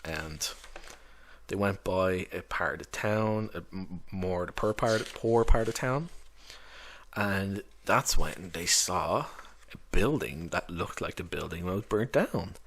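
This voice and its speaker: Low-voiced male game master, relaxed rambling review, chatty and unpolished. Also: takes it slowly, husky. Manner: chatty, loose, with frequent fillers and chuckles. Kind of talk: casual rambling book review.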